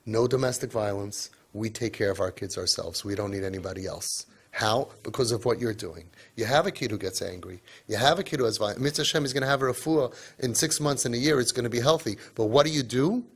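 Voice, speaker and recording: Parenting speaker, male, husky voice, emphatic lecture with frequent "right?" asides and big swings in pitch. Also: quick pace, few pauses. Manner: mixes Yiddish and Hebrew words into English.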